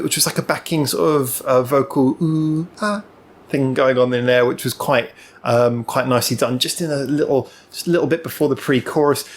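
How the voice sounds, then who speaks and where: A man with a mid-range, slightly bright voice hosts his own music review channel, thinking aloud as he talks through a song. Recorded alone indoors and facing a camera, he rambles, restarts often, and fills gaps with ums.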